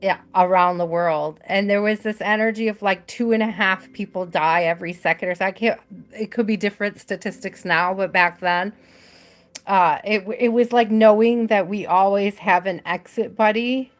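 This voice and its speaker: A woman giving a live tarot reading, gentle and emotional, repeating her words softly. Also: mid-range voice, moderate pace. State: tearful at times. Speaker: tarot reader.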